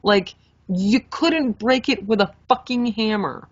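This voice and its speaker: A young adult woman co-hosting a podcast, telling a story in a lively, animated way, swearing freely and acting out her own reactions. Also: on the high side, unhurried, dry recording. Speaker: podcast co-host. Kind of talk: casual storytelling chat. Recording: dull lo-fi podcast mic.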